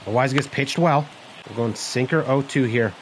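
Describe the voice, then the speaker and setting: A young man giving live, excitable commentary over his baseball video game, groaning and cheering at each pitch. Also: normal speed, slight background noise. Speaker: gaming channel host.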